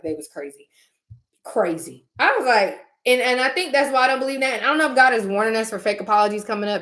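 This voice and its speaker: A woman in her thirties talking in an emphatic, animated vlog monologue, using African American Vernacular English grammar and repeating phrases for emphasis. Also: on the high side. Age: 30s. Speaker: vlogger. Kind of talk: casual spiritual monologue.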